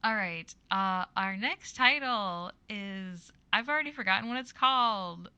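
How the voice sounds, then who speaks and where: A woman's voice: mid-range voice, expressive, unhurried, bright, forceful tone, clear, resonant tone, no room sound, dull audio. A woman co-hosting a casual podcast, chatty and laughing often. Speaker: podcast co-host.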